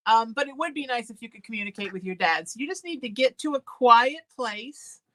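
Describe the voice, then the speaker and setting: Bright-voiced woman hosting a call-in show. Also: on the high side, lively intonation, brisk. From Irish heritage. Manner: warm, soothing, calls people sweetie. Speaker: psychic medium show host. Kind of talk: call-in spiritual talk show.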